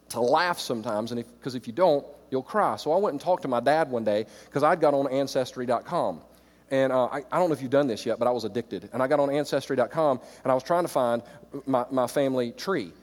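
A middle-aged man preaching to church leaders, animated, swinging between loud exclamations and quiet reflective stretches. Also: mid-range voice. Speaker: pastor. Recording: reverberant hall.

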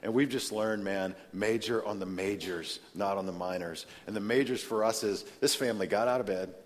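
A man preaching a sermon in a large church, telling stories in a conversational way and swinging from loud to hushed. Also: lowish voice, normal speed. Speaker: pastor. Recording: long reverb of a large hall.

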